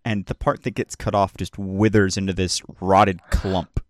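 Man, game master, low voice, dry close sound, relaxed narration, lots of fillers. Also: moderate pace, no echo.

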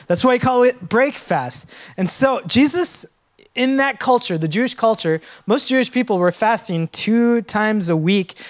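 Pastor guy preaching in church, jokey, keeps getting the crowd to say stuff back. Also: high-pitched. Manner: joking, engages the congregation. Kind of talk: sermon.

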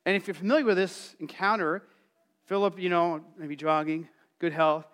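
Middle-aged male pastor, high and animated, chatty sermon delivery. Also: moderate pace. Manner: conversational, animated, acts out quotes; calls for congregation responses.

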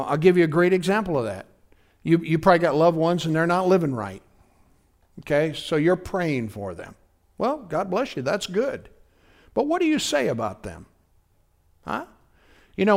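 A male pastor delivering a midweek sermon in an easy, conversational way. His voice sits a little higher than most men's. He keeps asking the congregation whether they are with him.

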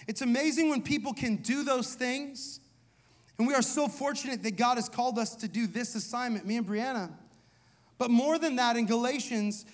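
A man in his thirties delivers a sermon with a rather high voice. He talks like he is chatting with friends, peppering his lines with "like" and "you know". Then he drives points home with repeated short questions. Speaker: pastor. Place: church hall.

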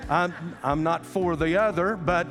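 A male pastor telling a story in a sermon, in a folksy, animated way. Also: fairly high pitch, unhurried, big-room sound.

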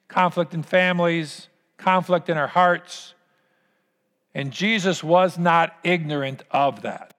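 A man's voice: fairly high pitch, a bit bright, long reverb tail. A man preaching a sermon as pastor, earnest and storytelling, asking the congregation to repeat lines after him.

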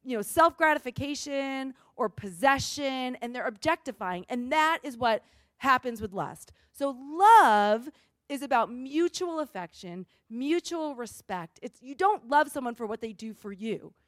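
A woman delivering a relaxed, chatty sermon with a high voice. She talks casually, tossing in "like" and "right?" to keep listeners with her. The sound is close and dry. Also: measured pace, dry recording. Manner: casual, asks "right?" often, says "like". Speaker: preacher. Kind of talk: conversational sermon.

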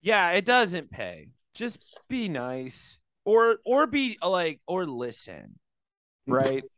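A man's voice: high voice, very animated, takes it slowly, a bit bright, no echo. A man chatting casually as a comedian co-host, acting out quotes in different voices and swearing freely. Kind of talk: casual podcast chat.

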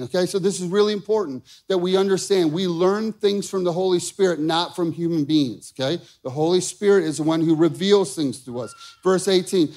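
High-voiced man preaching a casual sermon. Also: brisk, hardly any pauses, a little mellow. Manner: conversational preaching with frequent "okay?" check-ins. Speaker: pastor.

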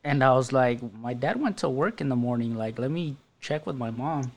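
A man's voice: mid-range voice, lively intonation, moderate pace, few pauses. A man co-hosting a podcast, telling stories in a loose, profane, laughing way. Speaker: podcast co-host. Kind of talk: casual chat.

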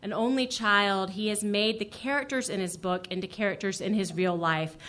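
Kobieta czytająca własny esej z ironią. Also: female voice, medium pitch, normal speed, fairly bright tone. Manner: dry, wry humor, brief laughs. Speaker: featured reader. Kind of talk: reading her own essay aloud.

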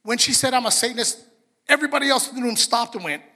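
A male pastor preaching a sermon, telling a story with lively, acted-out quotes. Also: extremely high pitch, fast. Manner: animated storyteller, acts out quotes. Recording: long reverb of a large hall, soft music behind.

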